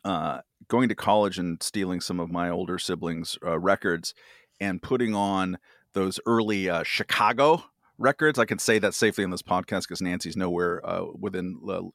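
Male guest, fifties, lower register, rambling and self-mocking, dry close-miked sound. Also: moderate pace, a bit bright, dry recording. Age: 50s. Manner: rambling, full of fillers and self-deprecating asides. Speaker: podcast guest. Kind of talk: casual chat.

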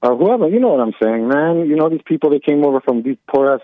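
A man's voice: a little high, animated, fast, no room sound. Forties guy calling in over a tinny phone, rambly and needling, keeps repeating himself. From upstate New York. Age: 40s. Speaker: caller.

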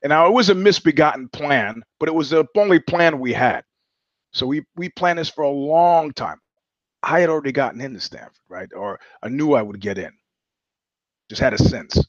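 A man's voice: medium pitch, animated, normal speed, dry recording, highs cut off. A man hosting a podcast, telling stories in a blunt, profane, rambling monologue with frequent restarts. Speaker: podcast host. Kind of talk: casual monologue.

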